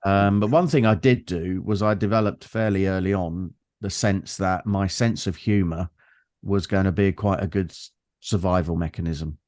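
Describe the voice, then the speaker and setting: A low-pitched man in his fifties with a London accent talks in a reflective, meandering way. He often stops to fill gaps as he recalls stories. The sound is close and dry, with no room around it. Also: moderate pace, darkish tone, no room sound. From London, England. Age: 50s. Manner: reflective, meandering storyteller with frequent fillers. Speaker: guest. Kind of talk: casual conversation.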